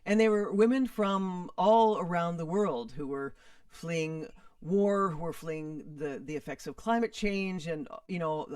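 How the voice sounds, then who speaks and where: Soft, thoughtful woman, far from the mic. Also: lowish voice, measured pace, clear, resonant tone, no echo. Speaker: musician guest. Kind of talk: conversational interview.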